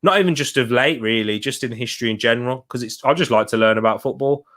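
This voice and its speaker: A man's voice: mid-range voice, fast, fairly bright tone. Chatty man hosting a football watch-along. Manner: chatty, laughs often, reads out viewer comments.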